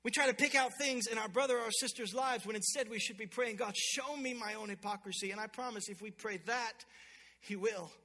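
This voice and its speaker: Male pastor, very high and bright, emphatic storytelling sermon, long hall reverb. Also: a little fast. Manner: storytelling preacher, builds to loud emphatic peaks.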